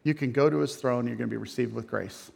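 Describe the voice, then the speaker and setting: A middle-aged man, a pastor, preaching a sermon that swings from quiet, low phrases to loud, emphatic peaks. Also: quick pace, vocal fry, breathy edge.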